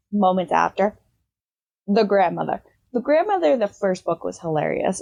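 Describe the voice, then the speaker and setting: A woman's voice: medium pitch, dry recording, rough recording. Chatty woman reviewing a book. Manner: rambling, full of "um" and "like", animated retelling. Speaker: book review podcast host. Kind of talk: casual book review chat.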